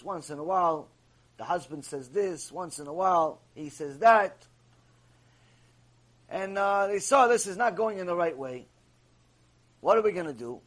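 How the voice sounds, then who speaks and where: A man teaches a Torah class in a high, husky voice. He tells stories in a lively way and acts out each person in them. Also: moderate pace, long pauses. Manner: animated, acts out the people in his stories. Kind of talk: Torah lecture with storytelling.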